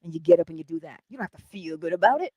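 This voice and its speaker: A woman hosting a morning inspiration stream, giving an animated motivational talk that moves between loud cheering and soft whispers, laughing often. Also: on the low side, rapid-fire, no room sound, highs cut off.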